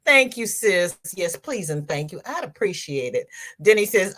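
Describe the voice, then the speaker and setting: Reading comments aloud at a moderate pace, this middle-aged crochet livestream host keeps things casual and crafty. Affectionate and effusive, she addresses viewers as "honey" and "girl," laughs frequently, and climbs high in pitch whenever excitement hits.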